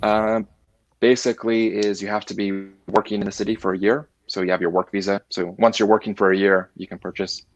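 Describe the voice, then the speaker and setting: A man with a Canadian accent, a company director answering interview questions in a measured way with frequent restarts. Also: fairly low pitch, level tone, slight background noise. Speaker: guest, managing director.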